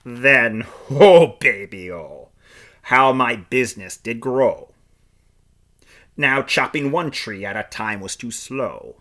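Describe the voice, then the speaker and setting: A man performing a rhyming storybook aloud in the first person, playful and expressive. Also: medium pitch, takes it slowly, long pauses.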